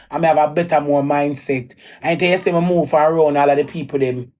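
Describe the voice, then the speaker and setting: Woman with a Jamaican accent venting on a livestream; raw, repetitive, a touch low-voiced. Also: steady tone, fast talker, warm tone. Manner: raw, emphatic, repeats lines. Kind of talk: emotional personal story, ranting.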